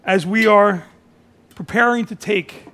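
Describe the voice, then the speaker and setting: A man preaching a communion sermon as pastor, repeating phrases for emphasis and swinging from soft, hushed lines to raised, forceful ones. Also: high voice, unhurried, gravelly. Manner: dramatic swings from soft near-whisper to raised, shouted phrases.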